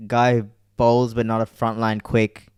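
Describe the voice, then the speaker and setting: A young man talks cricket in loose, easygoing podcast chat. His voice is smooth and clear. It sounds dry and close, with no room sound. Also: on the low side, completely flat delivery, a little slow, darkish tone, dry recording. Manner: chatty, laughs often, trails off with fillers. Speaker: podcast co-host. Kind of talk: casual sports chat.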